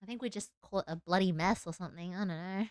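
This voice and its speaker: Drawing while she talks to her stream, this young Australian woman is chatty and self-mocking, with giggly asides. She speaks fast in a voice on the low side, and the recording is dry with clean studio sound.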